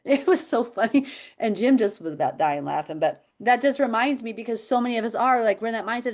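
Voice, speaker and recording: A woman's voice: on the high side, sing-song, fairly quick. A middle-aged woman teaching health habits on a video call, chatty and telling stories with frequent laughter. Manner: chatty storyteller, laughs often. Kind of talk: casual video-call chat.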